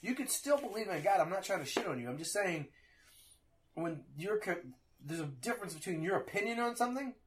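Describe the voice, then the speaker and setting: A man's voice: sits high, fairly quick, noisy background. A man telling stories in a casual, profane podcast chat, swearing freely and acting out the people in them. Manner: profane, animated storyteller.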